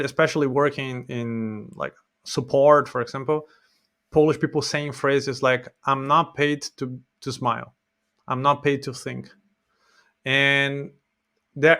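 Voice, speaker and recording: A man from Brazil speaks English with a Brazilian Portuguese accent as a podcast guest. His voice is a bit higher than most men's, and his delivery is earnest, with small restarts. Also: a bit bright. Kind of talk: casual interview chat.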